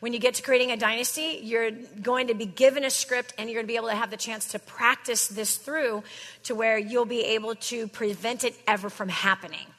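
A woman addresses a live audience in a seminar room, animated and rhetorical, laughing as she makes her points. Her voice sits a little high and rings bright and forceful. A long reverb trails behind her in the hall. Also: brisk. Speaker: seminar speaker. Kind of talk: motivational seminar talk.

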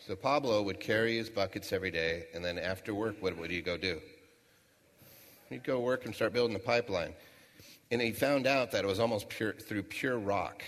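A man's voice: fairly low pitch, normal speed, a bit bright. Folksy male speaker in a big hall. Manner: folksy storyteller posing rhetorical questions to the audience. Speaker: motivational speaker. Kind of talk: storytelling keynote speech. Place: large hall with a live audience. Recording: long reverb of a large hall.

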